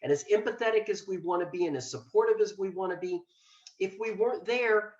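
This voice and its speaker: A man's voice: high-pitched, a little fast. An older man from Ohio, a retired state trooper, giving a plainspoken, earnest talk on self-care with self-deprecating asides. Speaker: mental health liaison, former state trooper. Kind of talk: webinar presentation. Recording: roomy, dull lo-fi sound.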